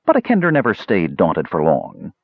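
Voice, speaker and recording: Husky, low-voiced male storyteller. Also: huge pitch swings, moderate pace, no room sound. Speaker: audiobook narrator. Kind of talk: storybook narration. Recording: dull lo-fi dry recording.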